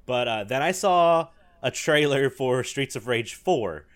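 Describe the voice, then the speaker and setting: A young man co-hosting a podcast, enthusiastic and quick to laugh in casual chat. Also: medium pitch, lively intonation. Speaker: podcast co-host.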